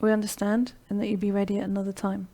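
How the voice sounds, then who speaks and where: Woman, middle-aged, live course host, mellow warm tone, encouraging, keeps saying okay. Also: medium pitch, completely flat delivery, fast talker. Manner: encouraging, repeats "okay?" often. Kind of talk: live-streamed sales pitch and Q&A.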